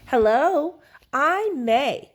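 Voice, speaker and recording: This is a loud, pushy little girl from a children's storybook, played by a woman. She talks in a high, gushing, showy way and sounds bossy. The pace is slow and deliberate. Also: expressive, heavily acted. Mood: eager.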